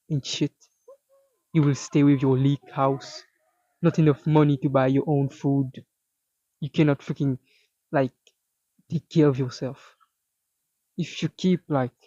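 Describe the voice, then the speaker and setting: A man's voice: medium pitch, mellow, dry recording. A young man giving an intense, profane motivational monologue for his fitness vlog, rambling with lots of fillers. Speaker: fitness vlogger. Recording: dull lo-fi dry sound.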